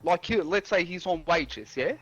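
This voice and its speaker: A man's voice: fairly high pitch, normal speed, fairly bright tone, slightly rough, dull audio, faint music behind. A man, a streamer and house painter, rambling through a work story full of swearing and acted-out quotes. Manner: rambling, swears a lot, acts out quoted dialogue. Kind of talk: casual storytelling chat.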